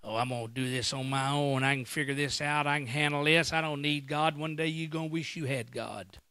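Male guest preacher, high bright voice, dry close sound, slow dramatic delivery. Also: steady tone, smooth, dry recording. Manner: preaching with sudden loud bursts and acted quotes. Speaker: guest pastor. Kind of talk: sermon. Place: church.

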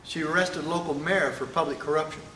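A man giving an emphatic political speech to an audience at an event, pausing for rhetorical questions. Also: fairly high pitch, steady tone, bright, forceful tone, far from the mic, a little hiss or hum. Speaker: speaker at a sheriffs' event. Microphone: microphone, sometimes stepping away. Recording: echoey hall.

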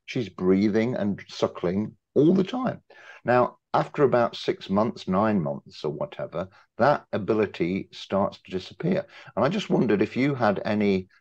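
A man's voice: fairly low pitch, very animated, measured pace, a little mellow, highs cut off. An older man in the audience asking a long, emphatic question during a discussion after a talk.

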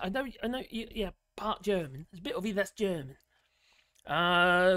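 A man hosting a livestream, chatting casually and excitably with viewers and reading the comments. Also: high voice, normal speed, no room sound, studio quality. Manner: excitable, exclaims often, rambling. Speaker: livestream host.

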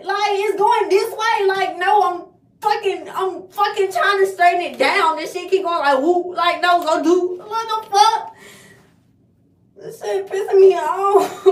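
A woman's voice: very high voice, a little slow. A young woman, ranting in a casual comedic vlog, swearing and exasperated. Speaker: vlogger. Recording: roomy echo, heard from a distance.

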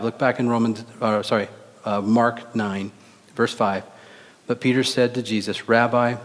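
A pastor with a mid-range voice delivers an animated sermon in a church sanctuary, acting out quoted voices and throwing rhetorical questions at the congregation. The hall's long reverb fills the recording.

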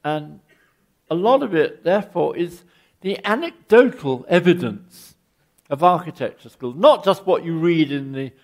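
An older Englishman lectures on architecture in a wry, meandering way, tripping over his own words as he goes. His voice is gravelly and sits a little high for a man. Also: expressive, unhurried. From England. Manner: rambling, wry, with frequent restarts. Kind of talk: anecdotal public lecture.

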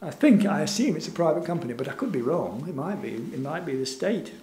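A man with a somewhat high voice gives an informal talk over slides at a gallery event, hesitating often and chuckling wryly at his own stories. The room is echoey, with a faint hum underneath. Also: big pitch swings, fast, warm tone. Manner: hesitant, many fillers, wry and chuckling. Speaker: invited speaker.

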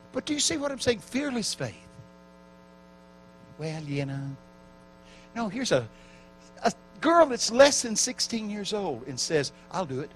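A man's voice: high-pitched, poor audio. A man preaching a sermon at a church camp meeting, telling stories with acted-out quotes. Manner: animated storytelling with acted quotes.

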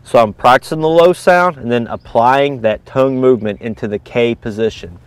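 A man's voice: medium pitch, moderate pace, clean tone, dry recording. Casual coaching man, dry sound. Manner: casual, coaching, explains step by step. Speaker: goose calling instructor. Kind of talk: instructional video lesson.

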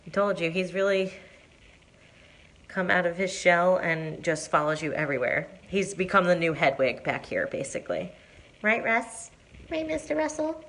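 A woman giving a live tour of an animal shelter as its manager, explaining each cat plainly and then cooing at them in a high sing-song voice. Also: moderate pace, fairly bright tone.

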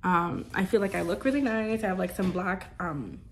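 A woman's voice: on the low side, sing-song, normal speed, a little hiss or hum. A woman in her twenties chatting casually in a vlog, rambling with many fillers and cooing to her pet. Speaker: vlogger.

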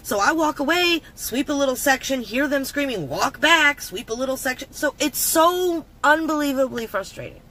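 A woman vents a long storytime from the driver's seat, swearing freely and sounding thoroughly fed up. Her voice sits a bit high and comes across bright and sharp. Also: expressive, moderate pace, few pauses, low-quality recording. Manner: profane, exasperated ranting. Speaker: vlogger. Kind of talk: casual venting storytime. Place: in a car.

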